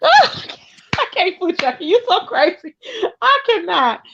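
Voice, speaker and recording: Woman, high voice, brash, profane, gossip livestream host, muffled lo-fi audio. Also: very animated, takes it slowly, gravelly, over a noisy crowd. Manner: loud, brash and profane, swings up high when outraged. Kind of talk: casual profane gossip chat.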